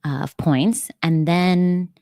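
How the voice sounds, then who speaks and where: A woman's voice: fairly low pitch, fairly even intonation, slow, dark tone, no echo, clean studio sound. A young American woman hosting a casual livestream, chatty and bubbly, filling her talk with "like" and little laughs. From United States. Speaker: livestream host. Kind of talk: casual live-stream chat.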